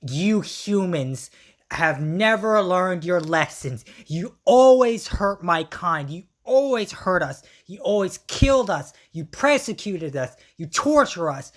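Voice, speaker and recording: A woman voicing a furious older male mutant leader, speaking slowly and loudly with threats. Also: lowish voice, expressive.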